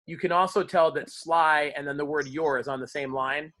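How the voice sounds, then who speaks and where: A man teaching a class on verse, lively, explaining and quizzing his students. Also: on the high side, fairly quick. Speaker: drama teacher. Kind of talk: classroom lecture.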